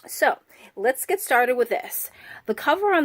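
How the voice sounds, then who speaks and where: A woman's voice: high-pitched, very animated, a little slow, fairly bright tone. A chatty woman hosting a craft video, showing off a handmade journal. She talks in a friendly, easy way with plenty of fillers, and a cough drop in her mouth colors her speech. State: talking around a cough drop. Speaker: craft channel host. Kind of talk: casual craft walkthrough.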